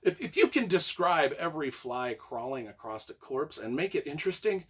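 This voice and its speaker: An excitable man with a high voice reviews books in a casual, rambling way. He piles up repeated phrases and swells into loud, emphatic bursts of enthusiasm. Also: normal speed, breathy edge. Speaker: book reviewer.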